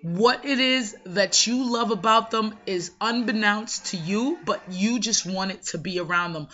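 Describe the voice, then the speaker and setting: A woman's voice: medium pitch, measured pace, pushed and bright. A Jamaican-born woman hosting an episode, talking conversationally with emphatic rhetorical questions. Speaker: podcast host. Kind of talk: motivational monologue. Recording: dull lo-fi sound.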